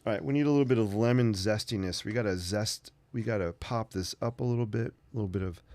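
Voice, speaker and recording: Low gravelly guy rambling on while he paints, chatty, easygoing. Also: fast, a little mellow, no room sound. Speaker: sketching channel host. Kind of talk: casual painting tutorial.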